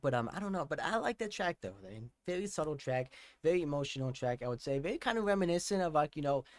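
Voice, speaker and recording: A man hosting a music reaction video, rambling casually with many fillers and bursting into excited outcries. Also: fairly high pitch, fast talker, no echo. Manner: rambling, lots of fillers and hedges; excitable outbursts.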